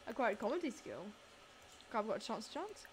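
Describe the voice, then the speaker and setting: A woman's voice: fairly high pitch, expressive, measured pace. A woman giving casual, giggly commentary while playing a life-sim game, talking to the characters on screen. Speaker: gaming video creator.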